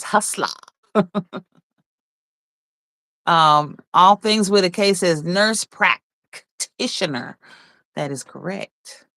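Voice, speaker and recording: A woman's voice: medium pitch, a bit bright, no room sound. A woman hosting a casual livestream, reading viewers' comments aloud, teasing them and laughing often. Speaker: livestream host.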